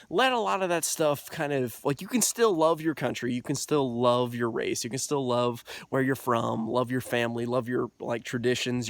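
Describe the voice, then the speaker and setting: A man's voice: medium pitch, creaky, no echo. A man hosting a self-help video, explaining casually and chatting loosely, with lots of "like" and "you know".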